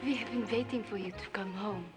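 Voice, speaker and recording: A woman doing a brisk Swedish nanny. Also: mid-range voice, over loud music, natural voice. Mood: cheerful. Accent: put-on Swedish. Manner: clipped broken English, drops articles. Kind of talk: 1960s film comedy acting.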